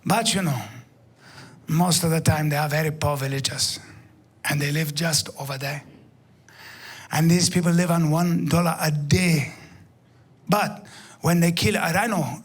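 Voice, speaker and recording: A man voicing a calm, measured grown male safari guide who talks slowly and lectures gently. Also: a little high, breathy edge, pitched below the performer's own voice. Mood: calm lecturing. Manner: slow, lecturing, gently reproachful.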